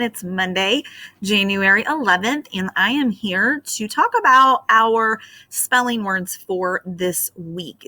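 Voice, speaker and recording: A woman teacher giving a recorded spelling lesson to her class, explaining patiently and filling pauses with um. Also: medium pitch, pushed and bright. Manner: slow, patient explaining with fillers.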